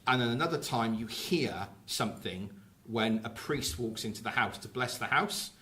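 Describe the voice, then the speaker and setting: Male podcast host, animated storyteller, bright edge to the voice. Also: medium pitch, moderate pace. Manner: lively storyteller recounting film plots. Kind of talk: casual podcast chat.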